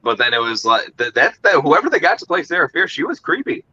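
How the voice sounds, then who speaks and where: A man chatting casually in a film discussion live stream, excitable and emphatic, often repeating himself. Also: on the high side, fast talker, dull audio.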